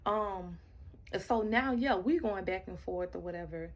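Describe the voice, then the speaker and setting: A woman casually telling a personal story straight to her listeners, animated, acting out the quoted lines and often repeating words as she goes. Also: mid-range voice, measured pace. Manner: talks straight to the audience, repeats and restarts words.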